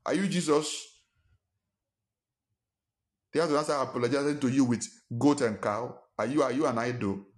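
A man's voice: medium pitch, normal speed, long pauses. A male pastor delivers a sermon in a mid-range voice. He preaches emphatically and fires one rhetorical question after another. He acts out quarrels in a raised voice. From Nigeria.

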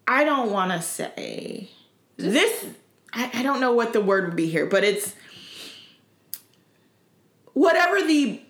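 A woman talks casually, her voice swinging up and down as she acts out the people in her stories. Her tone is bright and forward. The room around her echoes. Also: on the high side, slow, long pauses. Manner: animated storyteller, acts out quotes. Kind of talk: casual chat.

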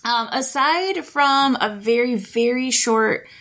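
A woman's voice: fairly high pitch, slow, fairly bright tone. A young woman co-hosting a casual podcast about films, talking loosely with lots of fillers and laughter. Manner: chatty, laughs often, many fillers. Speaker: podcast co-host. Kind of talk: casual chat reviewing films.

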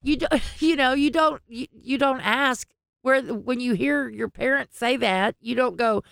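A woman's voice: high voice, measured pace, creaky, fairly bright tone, clear, resonant tone, no room sound, studio quality. A woman co-hosting a podcast, telling rambling stories, laughing often and swearing freely. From American South. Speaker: podcast co-host. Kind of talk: casual chat.

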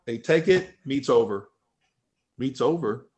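A man in a casual podcast chat, a powerlifter retelling his story in a mid-pitched voice. He talks in an animated, profane way, and his voice jumps loud and high whenever he quotes himself. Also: a little slow. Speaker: powerlifter guest.

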